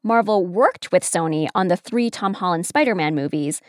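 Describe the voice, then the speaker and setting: A woman giving scripted podcast narration in a polished, expressive storytelling manner. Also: on the low side, moderate pace, no room sound, clean studio sound.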